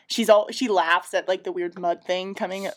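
A woman's voice: lowish voice, fairly even intonation, normal speed, a bit bright. A woman talks loosely through a cartoon recap on a podcast. Her delivery rambles, she laughs at her own asides, and she keeps cutting herself off to rephrase. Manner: rambling, giggly, self-deprecating. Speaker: podcast co-host recapping an episode. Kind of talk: casual chat.

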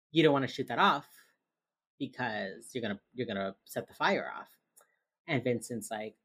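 A woman co-hosting a podcast, casually retelling a TV episode and filling her talk with "like". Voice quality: very low-pitched, relaxed storytelling with lots of "like". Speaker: podcast co-host recapping a TV episode. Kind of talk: casual chat.

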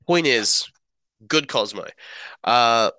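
A man giving an enthusiastic, rambling casual recap of a show, chatting excitedly about the scenes. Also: mid-range voice, takes it slowly, dry recording. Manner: enthusiastic, rambling, acts out quoted lines. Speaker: show reviewer.

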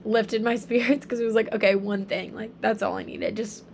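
Young woman, casual storyteller, lots of fillers, gravelly fry, faint background hiss. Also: mid-range voice, fairly quick. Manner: animated storytelling with many fillers. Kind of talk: casual faith chat.

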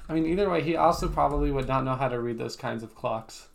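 A man's voice: mid-range voice, fast, creaky, a little hiss or hum. A young man playing a tabletop game, thoughtful and full of questions. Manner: thoughtful, asks questions, musing. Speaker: player. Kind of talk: casual tabletop game chat.

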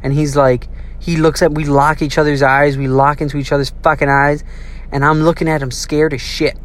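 Speaking at medium pitch, a young adult tells a childhood story in a casual, profane way. The delivery is animated, slipping quickly into quoted voices.

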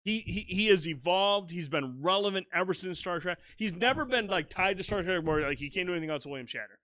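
A man co-hosting a casual podcast chat, tipsy and slurring a little, loud, excitable and profane. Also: high voice, fast, no echo. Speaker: podcast co-host.

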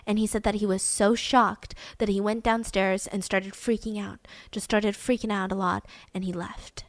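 A young woman hosting a true-crime podcast, telling the story in an animated, casual, slangy way. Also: mid-range voice, normal speed, few pauses, no echo. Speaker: podcast host.

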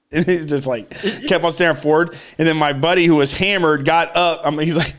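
Man, slightly high voice, rambling, swears a lot, casual storytelling. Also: a little fast. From Austin, Texas area. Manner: profane, rambling, animated storyteller.

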